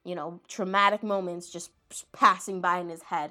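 A woman's voice: lowish voice, fairly even intonation, a little fast, bright, forceful tone. A woman talking casually and rambling, with lots of filler words and self-deprecating asides, as she recounts anime moments. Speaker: anime commentator.

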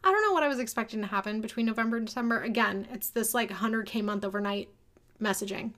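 A woman's voice: fairly high pitch, quick pace, fairly bright tone. A young woman talking casually and candidly about her own experience, at times emotional. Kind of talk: personal storytelling monologue.

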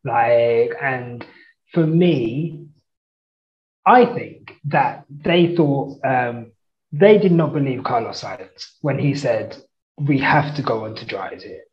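A podcast host chatting casually, unhurried and halting, often restarting phrases and laughing. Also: medium pitch, highs cut off. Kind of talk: casual chat about motor racing.

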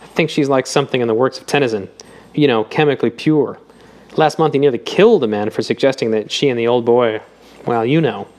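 A man's voice: mid-range voice, a little fast, darkish tone, lightly acted. A man voicing a breezy, condescending male doctor with a joking, patronizing manner in an audiobook reading. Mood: mocking. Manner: jocular, patronizing.

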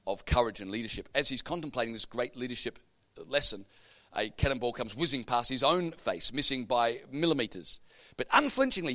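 A man preaching a sermon, an animated storyteller with comic punchlines. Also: medium pitch, dry recording.

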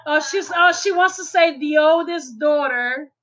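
A middle-aged woman with a very high, bright voice chats casually with her viewers. She talks at an unhurried pace and turns animated and loud whenever she quotes someone funny. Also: low-quality recording. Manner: animated storytelling, quotes a funny guy loudly. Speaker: vlogger talking to viewers. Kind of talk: casual chat on a call.

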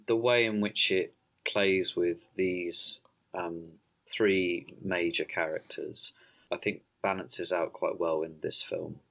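A man's voice: deep voice, steady tone, slow, vocal fry, fairly bright tone. A man co-hosting a casual film discussion, hesitant, repeating words and laughing often.

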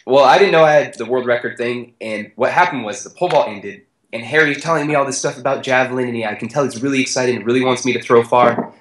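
A young man, an athlete guest, telling a story in a relaxed way, laughing and acting out what others said. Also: medium pitch, quick pace, reverberant, poor audio. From United States. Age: young adult. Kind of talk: casual storytelling.

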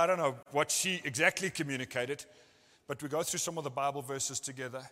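A man's voice: fairly high pitch, fairly even intonation, brisk, sharp tone, long reverb tail. A male pastor preaching a sermon at a church service, telling stories earnestly and acting out what people said.

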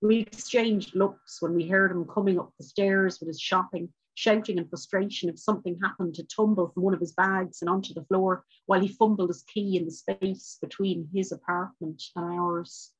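Brief: woman author reading, measured and wry, low husky voice, muffled sound. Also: fairly even intonation. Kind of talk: reading a short story aloud. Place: book launch.

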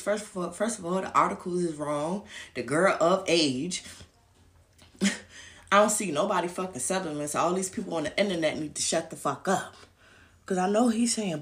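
A woman's voice: lowish voice, expressive, fairly quick. A woman giving a casual, profane, blunt rant to her viewers. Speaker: vlogger. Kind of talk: casual ranting livestream.

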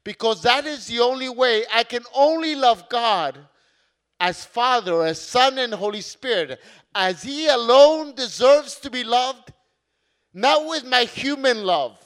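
A middle-aged man, a priest, giving an earnest conference sermon, slow overall with sudden loud emphatic words. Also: extremely high pitch, lively intonation, clean tone. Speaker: priest and community founder.

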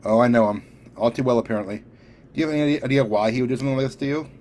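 A man's voice: very fast, a little mellow, a little hiss or hum, lightly acted. A man voicing a determined young superheroine in an audiobook reading, talking firmly and scolding with a raised voice. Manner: firm, scolding, raised pitch.

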